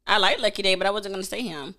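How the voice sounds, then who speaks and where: A young adult woman co-hosting a podcast in casual chat, talking loud and animated and laughing often. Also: mid-range voice, rapid-fire. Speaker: podcast co-host.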